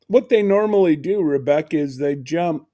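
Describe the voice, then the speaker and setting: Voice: medium pitch, animated, moderate pace, mellow. A livestream host chatting casually, rambling and laughing often while greeting viewers by name.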